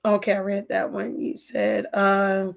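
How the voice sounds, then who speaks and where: A woman's voice: mid-range voice, monotone, unhurried, vocal fry. A woman hosting a live stream from home, telling a personal story to her viewers and reading their comments in an earnest, repetitive way. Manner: earnest, repetitive, restarts often.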